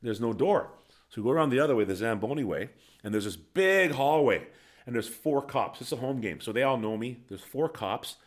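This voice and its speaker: A man's voice: mid-range voice, a little fast. Man spinning a wild hockey story. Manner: lively anecdote teller, laughs at his own story, acts out quotes. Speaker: podcast guest, former pro hockey player and coach. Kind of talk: animated storytelling. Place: podcast studio. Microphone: studio microphone.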